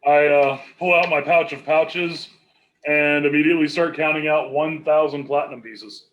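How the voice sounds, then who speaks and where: A man's voice: fairly high pitch, fairly even intonation, normal speed, a bit bright, lo-fi sound. A man playing a tabletop game, bargaining in character with hesitant fillers. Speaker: player.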